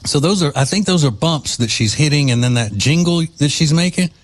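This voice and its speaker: A man's voice: a little high, animated, a little fast, very noisy. A man hosting a commentary podcast, talking in a chatty, sarcastic, mocking way about a clip he plays. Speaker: podcast host.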